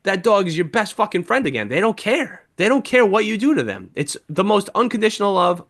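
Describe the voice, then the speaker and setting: A man's voice: sits high, sing-song, a little fast, a bit bright. A young man, a podcast co-host, telling an emotional story in casual chat, swearing heavily as he talks.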